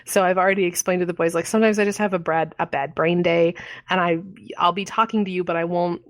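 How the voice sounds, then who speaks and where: A woman's voice: fairly low pitch, steady tone, quick pace, dry recording, clean studio sound. A woman in her thirties co-hosting a podcast in casual chat, with a nasal, stuffy voice, rambling and self-deprecating. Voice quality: nasal from a cold. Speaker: podcast co-host.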